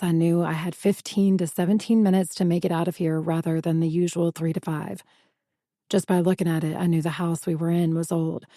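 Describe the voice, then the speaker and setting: A woman narrating an audiobook in the first person with a measured, steady reading. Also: fairly low pitch, no echo, studio quality.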